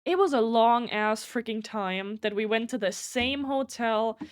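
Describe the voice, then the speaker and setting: High-voiced woman chatting on stream. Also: measured pace. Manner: rambling, swears freely, restarts sentences; greets chat viewers by name. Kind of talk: casual live-stream chat.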